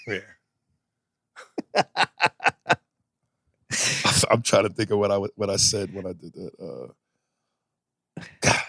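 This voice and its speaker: A man co-hosting a podcast, loud, profane and joking in casual chat. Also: low-pitched, takes it slowly, gravelly, long pauses, no echo, clean studio sound. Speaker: podcast co-host.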